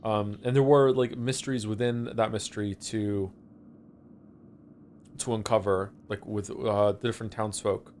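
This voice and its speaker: Low-voiced man musing over a game. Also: little pitch movement, a little slow, a little mellow, a little hiss or hum. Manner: thinks aloud, trails off and restarts. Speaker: streamer. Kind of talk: casual game stream commentary.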